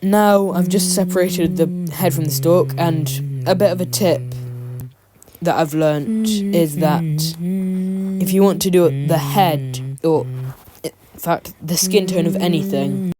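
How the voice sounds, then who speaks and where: A woman giving a rambling, self-deprecating voice-over as she draws, full of ums. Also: lowish voice. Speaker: YouTuber narrating a drawing. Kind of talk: casual voice-over commentary. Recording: loud music behind the voice. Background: loud background music.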